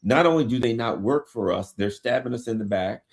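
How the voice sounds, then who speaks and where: A man's voice: mid-range voice, brisk, gravelly. A man hosting a political talk show, talking conversationally and walking through numbers.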